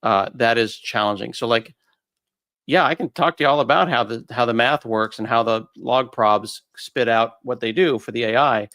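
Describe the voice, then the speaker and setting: A man in a casual interview, talking in an animated way and slipping into quick put-on voices for quoted people. His voice sits at a middle pitch. The sound is close and dry, with no room around it. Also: no room sound. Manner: animated explainer who acts out quoted voices. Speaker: guest. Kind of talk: conversational interview.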